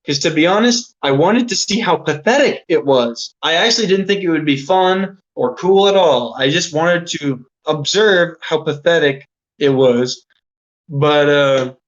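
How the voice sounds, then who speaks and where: A man in his thirties spins a long, rambling story in an off-the-cuff way, swearing freely and leaning on "like". His voice sits a bit high for a man. The recording sounds dull and lo-fi. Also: fairly bright tone. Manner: rambling, swears a lot, many "like" fillers. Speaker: interview guest. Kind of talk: casual storytelling.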